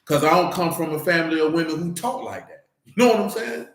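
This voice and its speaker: Speaking a little high and at a quick pace, a man gives an informal church teaching, talking emphatically and conversationally to the congregation. The room echoes around him.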